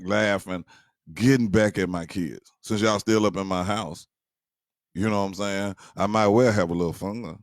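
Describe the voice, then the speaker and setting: Older grandfather type, low voice, chatty and teasing, talks straight to his viewers. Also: no echo, clean studio sound. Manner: chuckling, teasing, keeps addressing listeners as y'all. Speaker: grandfather telling family stories. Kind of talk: casual storytelling to viewers.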